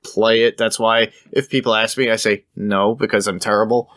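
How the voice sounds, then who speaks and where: A man's voice: lowish voice, fairly even intonation, normal speed, fairly bright tone, no room sound, studio quality. Easygoing man chatting about a movie. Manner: easygoing, laughs often, quotes film lines. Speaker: podcast co-host. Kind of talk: casual movie review chat.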